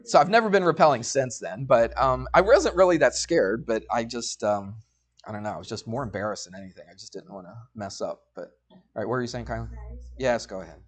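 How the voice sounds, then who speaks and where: A man's voice: mid-range voice, expressive, brisk. A middle-aged man teaching a college math class, telling a personal story in a chatty way and often checking in with students. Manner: chatty, storytelling, asks frequent check-in questions.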